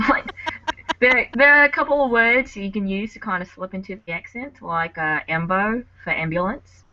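A woman's voice: fairly high pitch, moderate pace. A woman co-hosting a casual podcast chat over a remote call, tipsy from drinking and full of joking, teasing banter. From United States. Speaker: podcast co-host. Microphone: remote call mic. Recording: dull lo-fi remote audio.

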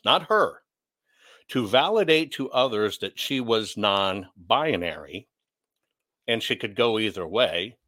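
A man's voice: medium pitch, bright, forceful tone. A man hosting an opinionated commentary show, blunt and sarcastic as he rants. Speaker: commentary host.

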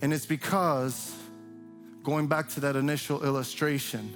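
A man's voice: fairly even intonation, unhurried, a bit bright, soft background music. Older male pastor preaching conversationally. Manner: conversational preaching with sudden high-pitched mimicking of cheering parents. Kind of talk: sermon. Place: church sanctuary.

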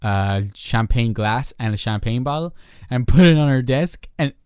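A woman's voice: very deep voice, animated, moderate pace, darkish tone, clean tone, dry recording, clean studio sound. A woman co-hosting a podcast, telling stories in a rambling, laughing way with plenty of swearing. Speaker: podcast co-host. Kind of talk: casual chat. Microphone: close podcast mic.

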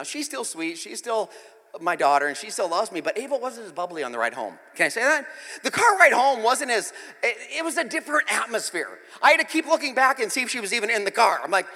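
A man in his forties preaching a sermon, telling stories and acting out scenes, swinging from quiet asides to loud outbursts. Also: sits high, sing-song, quick pace. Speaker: pastor. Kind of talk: sermon with storytelling. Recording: reverberant hall.

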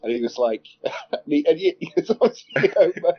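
A man's voice: on the high side, fast talker, breathy edge. Laughing man telling a story. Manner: animated storyteller, laughs often, swears. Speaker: podcast co-host. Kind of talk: casual chat. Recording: dull lo-fi sound.

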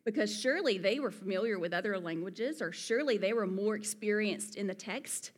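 A woman's voice: mid-range voice, lively intonation, fairly quick. Southern woman preaching in a reverberant hall. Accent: Southern US (Alabama). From Alabama, USA. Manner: earnest, conversational, folksy asides. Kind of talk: sermon.

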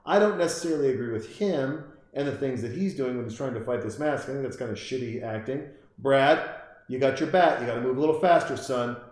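A man's voice: mid-range voice, brisk. Rambling man in a very echoey room. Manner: rambling, excitable, talks to characters on screen. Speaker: host watching and commenting on a horror film. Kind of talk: casual live film commentary while drinking beer.

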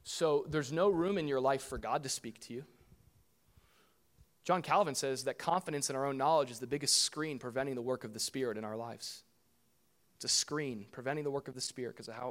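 A man in his thirties preaching a sermon as a pastor, talking conversationally and acting out quoted voices with big jumps in pitch. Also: expressive, normal speed.

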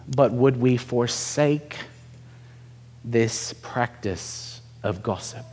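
A man's voice: medium pitch, drawn-out words, a little mellow, husky. A man preaching a sermon, telling a story and asking the congregation rhetorical questions in a conversational way. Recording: reverberant hall.

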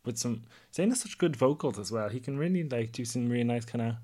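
A man's voice: mid-range voice, expressive, fast talker, mellow, slightly rough. Chatty man hosting a music podcast. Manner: chatty, rambling with many fillers. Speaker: podcast co-host. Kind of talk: casual music chat.

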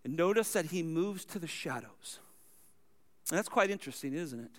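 A man's voice: a little high, lively intonation, moderate pace. A man preaching a verse-by-verse sermon, explaining the text in a teaching manner with asides.

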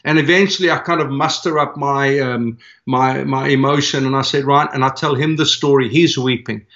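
Earnest pastor telling a story, lo-fi. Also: male voice, mid-range voice, moderate pace. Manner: earnest, animated storyteller who acts out quoted dialogue. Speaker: pastor and church leader. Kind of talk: conversational storytelling in an interview. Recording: dull, lo-fi sound.

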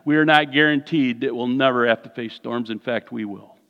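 A man preaching a sermon as pastor, animated, swinging from hushed lines to loud ones. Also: mid-range voice, fairly quick, clear, resonant tone, dull audio. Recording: reverberant hall.

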